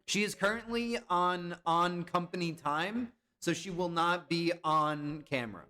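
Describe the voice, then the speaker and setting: A young man chatting casually on a live stream, excitable and swearing when he guesses wrong. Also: sits high, measured pace. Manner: excitable, swears and yelps at misses.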